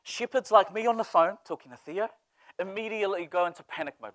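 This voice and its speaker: A man's voice: high voice, fairly quick, dry recording. A man preaching a sermon, telling stories with humor. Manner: lively storytelling with humor. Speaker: pastor.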